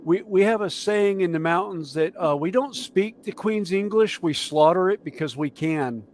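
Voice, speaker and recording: Man with a Southern US accent, rather high. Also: moderate pace, a little hiss or hum. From southern United States. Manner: rambling, storytelling, relaxed. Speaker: stream host. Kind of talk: casual chat while building model kits.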